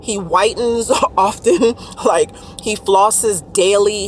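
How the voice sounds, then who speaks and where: A woman's voice: medium pitch, slow pace, a little hiss or hum. A woman, chatting casually to viewers in her vlog. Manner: chatty, addresses viewers as y'all. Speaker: vlogger.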